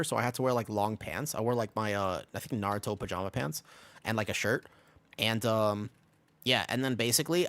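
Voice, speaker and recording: A man's voice: mid-range voice, no echo. A man in his twenties chatting casually while he plays a game on stream, telling a rambling story between callouts. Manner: rambling storyteller, animated voices when quoting. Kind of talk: casual gaming stream chat.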